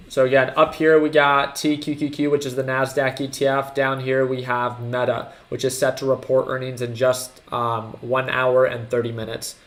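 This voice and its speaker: A man's voice: medium pitch, a bit bright. A young man hosting a live trading stream, chatting casually and hyping up his viewers. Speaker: trading livestream host. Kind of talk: casual livestream commentary.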